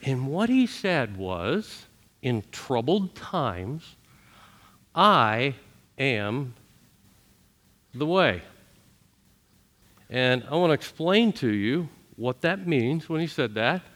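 A man's voice: medium pitch, very animated, extremely slow, long pauses, fairly bright tone. Middle-aged guy preaching, earnest, voices people's thoughts as he tells it. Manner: earnest storytelling with shifting voice for quoted thoughts. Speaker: pastor. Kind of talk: sermon.

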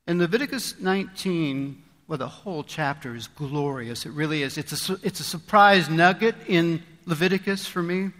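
A man's voice: sits high, fairly bright tone, long reverb tail. A male pastor preaching a sermon in an earnest, conversational way, often asking his listeners rhetorical questions.

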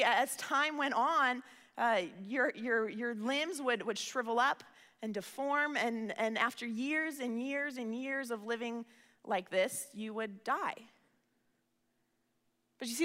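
A woman's voice: high-pitched, sharp tone. A woman giving a sermon in an earnest, conversational way, often repeating words as she starts a phrase. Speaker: preacher. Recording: reverberant hall.

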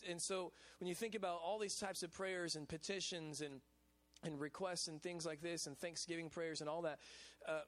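High-voiced man preaching casually. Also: fairly bright tone. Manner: casual and chatty, with repeated "man" and "you know what I'm saying". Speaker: pastor of a college ministry. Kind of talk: lively sermon. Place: church service.

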